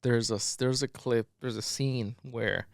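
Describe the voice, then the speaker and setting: A man's voice: medium pitch, fairly even intonation, unhurried, creaky, no echo. Podcast guy rambling casually, lots of likes and swearing, dry close sound. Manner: loose, rambling with many fillers and swearing. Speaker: podcast co-host. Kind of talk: casual chat.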